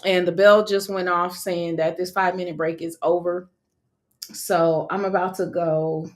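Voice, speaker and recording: A woman's voice: fairly low pitch, flat delivery, moderate pace. A young woman from California, an online course creator, talking casually on a live stream, chatty and slangy, laughing often.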